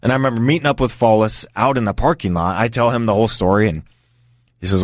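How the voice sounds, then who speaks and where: A man telling a casual story in an animated way, acting out the voices of the people involved. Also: lowish voice, quick pace, no echo, studio quality. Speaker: guest storyteller.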